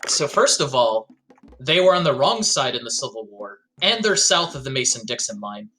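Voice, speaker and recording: A man's voice: mid-range voice, big pitch swings, normal speed, pushed and bright, slight background noise. A man chatting casually as a player in a tabletop game session, joking and explaining accents in a mock-lecturing way. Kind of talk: casual group chat over voice call.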